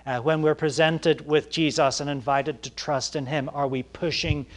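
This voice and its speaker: Halting, emphatic male preacher. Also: on the high side, fairly even intonation. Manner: halting, many "uh" fillers, rising emphatic moments. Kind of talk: sermon.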